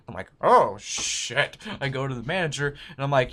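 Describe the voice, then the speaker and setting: A man's voice: medium pitch, lively intonation, fast, hardly any pauses, a bit bright. A young man who works as a server, telling a work story in a casual, profane way and acting out the quoted voices.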